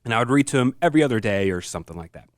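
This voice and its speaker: A man co-hosting a podcast, telling a heartfelt story in casual chat, his voice softening when moved. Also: mid-range voice, animated, racing, no room sound, clean studio sound. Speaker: podcast co-host.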